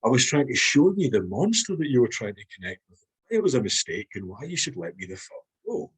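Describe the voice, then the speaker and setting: A man's voice: medium pitch, very animated, brisk, husky, rough recording. A man with a Scottish accent, a guest speaking frankly and reflectively in a podcast conversation, swearing freely.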